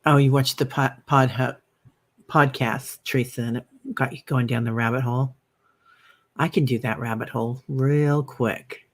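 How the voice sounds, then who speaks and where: A woman hosting a live meditation stream. She chats with viewers, reads out their comments with plenty of fillers, and guides the breathing with soft, slow cues. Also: a bass voice, steady tone. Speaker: meditation host.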